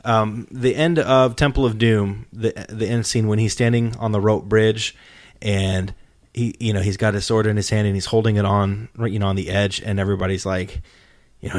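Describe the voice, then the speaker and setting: A man's voice: fairly low pitch, fairly even intonation, moderate pace, dry recording, clean studio sound. A man hosting a casual podcast chat, talking in an earnest, rambling way as he retells scenes. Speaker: podcast host.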